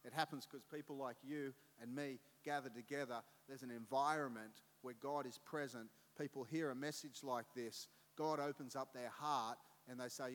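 A middle-aged man preaching a sermon as a pastor, telling stories in an animated way and acting out voices. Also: mid-range voice, moderate pace, hardly any pauses. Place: church auditorium. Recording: long reverb of a church hall.

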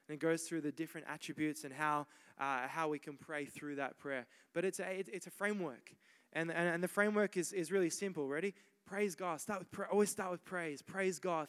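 A young Australian man preaching a sermon as pastor, energetic and repetitive, urging the crowd on with "come on". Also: high voice, clean tone. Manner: energetic, repeats himself, exhorting "come on". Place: large church hall. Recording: long hall reverb.

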